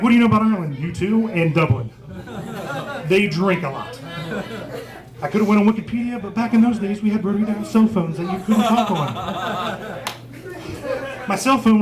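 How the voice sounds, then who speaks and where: A man in his forties doing a profane, self-mocking stand-up set in a pub. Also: high voice. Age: 40s. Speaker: stand-up comedian. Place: small pub comedy stage. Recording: live pub crowd noise. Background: crowd laughing.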